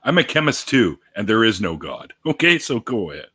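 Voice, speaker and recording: A man hosting a casual chat show, talking in a jokey, animated way and swearing freely. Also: fairly low pitch, brisk, husky. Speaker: podcast host.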